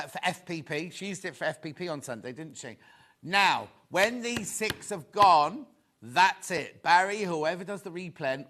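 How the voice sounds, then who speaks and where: Male shopping-channel host, slightly high, very lively pitch; chatty, rambling, excitable. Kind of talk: live selling chat.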